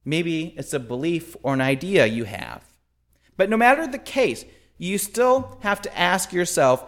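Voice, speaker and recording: Guy preaching, kinda high voice, lively and emphatic. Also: normal speed. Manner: rhetorical questions, emphatic. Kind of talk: sermon.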